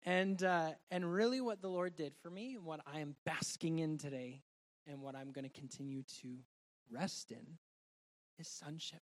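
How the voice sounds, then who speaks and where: A man preaching a sermon and sharing a personal testimony, earnest and heartfelt, moving between loud and soft delivery. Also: fairly high pitch, moderate pace.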